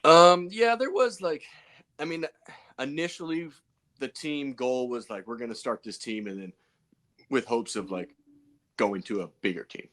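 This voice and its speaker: A man's voice: on the high side, unhurried, long pauses, fairly bright tone. A man, a pro BMX racer guest on a podcast, telling stories in a loose, rambling way full of fillers and restarts. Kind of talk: casual podcast storytelling.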